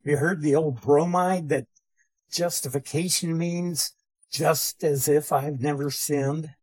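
A man's voice: a little high, fairly even intonation, slow, breathy edge, low-quality recording. A man teaching a theology lesson, methodically defining terms and repeating key phrases. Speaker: Bible teacher. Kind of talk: theology lecture.

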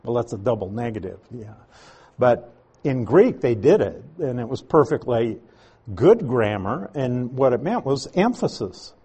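A man's voice: mid-range voice, big pitch swings, unhurried, warm tone, breathy edge. A man as pastor, teaching an evening Bible study sermon in a conversational way with frequent asides.

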